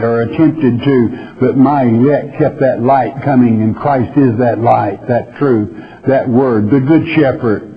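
Male radio preacher, folksy and emphatic, keeps checking in with listeners, dull lo-fi broadcast sound. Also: medium pitch. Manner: folksy, emphatic, with frequent "okay?" asides. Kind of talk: verse-by-verse Bible teaching.

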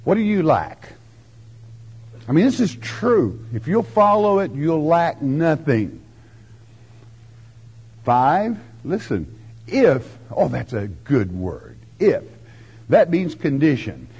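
An older man preaching a folksy verse-by-verse sermon, with homespun turns of phrase and slow, drawn-out emphasis. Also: on the high side, sing-song, a little mellow, breathy edge. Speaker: preacher teaching scripture.

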